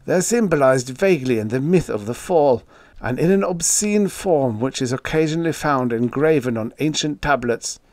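A man voicing a terrified, hysterical man haunted by unseen horrors in an audiobook, swinging between shrieks and hoarse moans. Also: medium pitch, lively intonation, moderate pace, darkish tone, no echo, pitched above the performer's own voice, natural voice. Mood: haunted urgency. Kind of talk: audiobook character voice.

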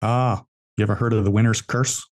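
Blunt, lower-voiced male entrepreneur. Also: steady tone, a little fast. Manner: blunt, emphatic, repeats key words. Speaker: entrepreneur guest. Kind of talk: podcast interview storytelling.

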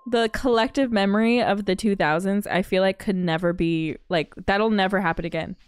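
A young woman streaming a farming game, chatting casually with her viewers, bubbly and quick to laugh. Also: medium pitch, clean tone. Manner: bubbly and giggly, quoting movie lines. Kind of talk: casual gaming stream chat.

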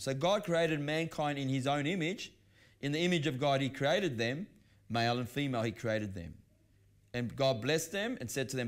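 A man's voice: mid-range voice, normal speed. A middle-aged man preaching a sermon, conversational, often restarting his sentences as he tells personal stories. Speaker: pastor. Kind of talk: sermon teaching.

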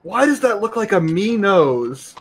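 A man's voice: high voice, sing-song, a little slow. A man co-streaming a game, joking about chat comments and swearing casually.

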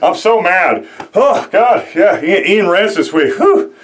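A young male host launches into an excitable comedic rant, rambling through fillers and restarts as he works himself up. His voice sits noticeably high for a man. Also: takes it slowly, slight background noise.

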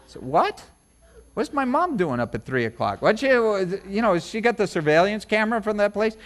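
High-voiced middle-aged male pastor, chatty sermon. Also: very animated, normal speed. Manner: chatty, storytelling, many asides. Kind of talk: conversational sermon. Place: church service.

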